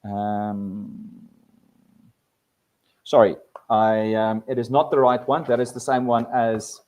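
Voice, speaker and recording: Male presenter, animated workshop delivery, restarts and repeats words. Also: lowish voice, slow. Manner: animated, acts out quoted people with voice changes. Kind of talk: live workshop talk.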